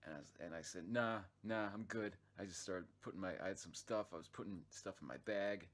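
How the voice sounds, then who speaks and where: A man's voice: low voice, steady tone, fast talker. A man narrating his own travel vlog in a casual, rambling way, swearing freely and often restarting his sentences. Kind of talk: casual profane storytelling.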